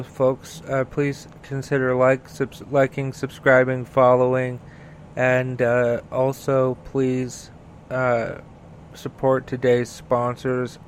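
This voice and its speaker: A man's voice: mid-range voice, slight background noise. A man hosting a solo podcast, ranting in a heated, profane and rambling way, full of fillers and restarts. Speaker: podcast host.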